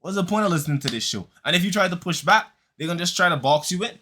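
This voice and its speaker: A man's voice: high voice, expressive, very fast, sharp tone. Fired-up man in a mocking football rant. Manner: heated, mocking, repeats lines for emphasis; speaks in street slang. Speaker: football fan commentator. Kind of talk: reaction commentary.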